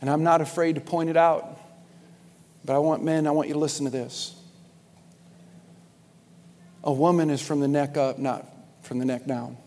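A man's voice: on the high side, flat delivery, moderate pace, long pauses, darkish tone. A man preaching a sermon in a church, speaking emphatically, repeating key lines and addressing the congregation directly. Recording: long reverb of a large hall.

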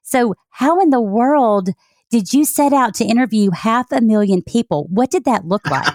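A woman's voice: on the high side, expressive, moderate pace, a little mellow, dry recording. A woman from Texas, hosting a podcast interview in an enthusiastic, effusive way. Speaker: podcast host.

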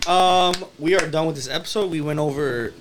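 A man's voice: fairly high pitch, fairly quick, noisy background. A man hosting a casual podcast chat, laughing and swearing in loose banter. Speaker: podcast host. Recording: loud music behind the voices.

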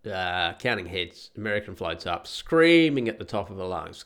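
Low-pitched but fairly bright in tone, this middle-aged man speaks at a normal speed with few pauses. Hosting his podcast while sick with a head cold, he rambles through a profane story in a casual monologue.

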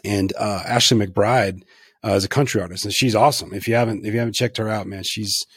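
A middle-aged man with a husky, somewhat low voice, hosting a podcast interview. He talks frankly and reflectively and swears freely. The sound is dry and close, with no room echo. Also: steady tone, fast, a bit bright. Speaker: podcast host. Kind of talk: candid conversational interview.

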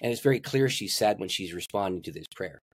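Animated male pastor telling a story. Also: low-pitched, fast talker, husky, dry recording. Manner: animated storyteller, laughs at his own stories. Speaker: pastor and guest. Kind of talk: storytelling in a podcast interview.

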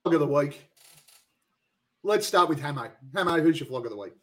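An Australian man hosts a casual podcast, trading sweary jokes and laughing often. His speaking voice sits slightly higher than most men's. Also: animated, brisk, a bit bright. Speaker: podcast host. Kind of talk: casual chat.

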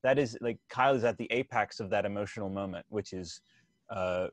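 A man's voice: fairly low pitch, fairly quick, no echo. A man hosting a podcast who talks in a loose, rambling way, with frequent restarts and casual swearing. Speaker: podcast host. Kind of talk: casual chat.

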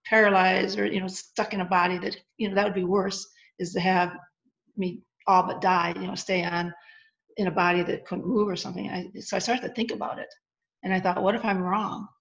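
A middle-aged woman, a guest in an interview, animatedly recounts a personal story and acts out the quoted dialogue. Her mid-range voice has vocal fry, and the audio is lo-fi and muffled.

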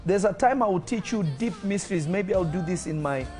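A pastor leading a live-streamed deliverance prayer, giving commanding declarations mixed with speaking in tongues, swelling to loud fervent peaks and dropping to quick murmurs. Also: medium pitch, expressive, faint music behind.

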